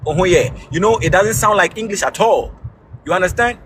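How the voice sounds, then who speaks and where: A man's voice: high voice, a bit bright. Earnest man from Ghana, noisy mic. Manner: earnest, halting, with many restarts when interrupted. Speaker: debate participant. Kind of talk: heated casual debate. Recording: noisy background.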